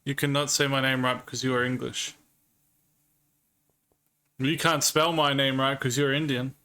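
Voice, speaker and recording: A man's voice: medium pitch, level tone, normal speed, sharp tone. A man streaming a card game live, chatting casually with viewers and swearing now and then. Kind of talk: live-stream gaming commentary.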